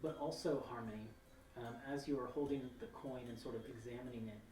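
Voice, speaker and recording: A woman's voice: rumbling low, fairly even intonation, fairly quick, mellow, a little hiss or hum. A woman narrating a tabletop game as game master, describing scenes with many hesitations and fillers. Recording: echoey room, far from mic.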